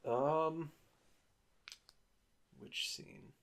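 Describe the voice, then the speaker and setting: Animated, foul-mouthed man chatting movies. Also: on the high side, extremely slow, vocal fry. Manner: animated storyteller, swears freely. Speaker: podcast co-host. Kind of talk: casual movie-review chat.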